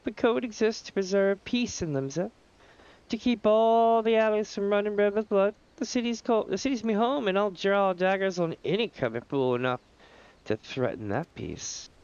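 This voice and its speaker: A man voicing a gruff, streetwise male rogue guildmaster from a game, folksy and calling people lass. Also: high-pitched, normal speed, darkish tone. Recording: dull lo-fi stream audio.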